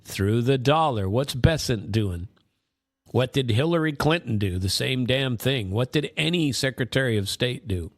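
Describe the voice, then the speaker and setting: A man's voice: medium pitch, lively intonation, moderate pace, no echo, studio quality. A man hosting casual political commentary, rambling with sarcastic asides. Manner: rambling, many fillers and restarts, sarcastic asides. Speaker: host.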